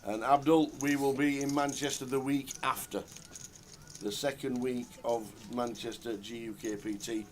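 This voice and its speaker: Male poker commentator, casual and chatty, mid-pitched. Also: moderate pace, a little hiss or hum. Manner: chatty, relaxed, banters with co-host.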